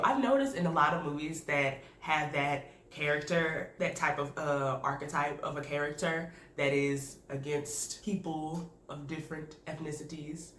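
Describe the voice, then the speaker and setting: A woman giving casual reaction commentary, candid and animated, laughing often. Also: low-pitched. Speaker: video reviewer. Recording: echoey room with faint noise.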